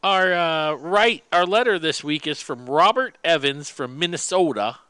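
A man hosting a relaxed chat show, his voice bright and smooth, sitting close to the mic in a dry space with no room sound. He laughs easily and reads out letters from listeners. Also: on the high side, a little slow, dry recording. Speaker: podcast host. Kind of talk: casual chat.

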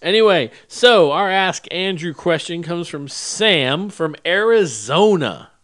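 A man's voice: high voice, lively intonation, takes it slowly, a bit bright. A man hosting a casual podcast, rambling and laughing through his stories. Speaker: podcast host.

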